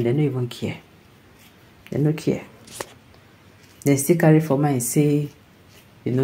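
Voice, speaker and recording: A Nigerian commentator talks through the news in a loose, conversational way, keeping listeners engaged with repeated rhetorical checks. The voice sits at a middling pitch with a dark, mellow tone. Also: rough recording. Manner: conversational, keeps asking "you understand?". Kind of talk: opinion commentary in Nigerian Pidgin.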